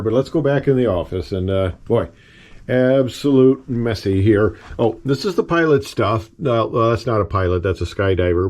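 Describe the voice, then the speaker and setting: With a lowish, darkish voice, a man in his seventies, once a pilot and engineer, walks through his house and attic office chatting casually, rambling with many fillers and self-deprecating asides.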